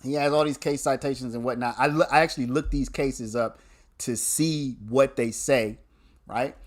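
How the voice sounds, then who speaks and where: A man's voice: mid-range voice, fairly even intonation, moderate pace. A man, hosting a casual livestream where he explains a legal argument to viewers, repeating points and restarting sentences.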